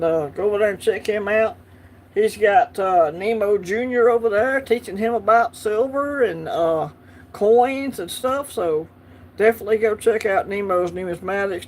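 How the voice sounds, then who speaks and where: A man's voice: high-pitched, slight background noise. A man with a Southern US accent hosting a casual livestream, chatting easily and answering viewer comments as they come in. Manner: chatty, easygoing, talks back to the chat. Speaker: livestream host.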